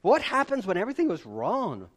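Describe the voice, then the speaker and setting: A man preaching a sermon in an animated, conversational way, full of rhetorical questions and asides. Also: sits high, brisk. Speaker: pastor.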